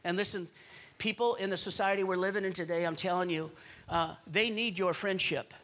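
A male pastor preaching in a church, his voice sitting high and sounding bright and forceful. He drives his points home with emphasis and keeps calling out to the congregation for a response. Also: steady tone, a little fast. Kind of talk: sermon.

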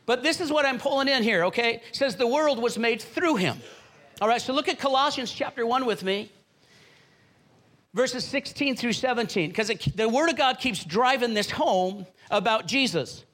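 A man's voice: very high voice, expressive, moderate pace, fairly bright tone. A middle-aged man preaching a sermon as pastor, fervent and rhythmic, repeating phrases and calling out to the congregation.

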